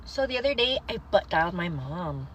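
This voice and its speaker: A young woman hosting a casual livestream, chatting to viewers and telling stories in an animated way. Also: lowish voice, fairly quick, slight background noise, low-quality recording. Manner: chatty, animated storytelling, calls viewers girl. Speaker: livestream host.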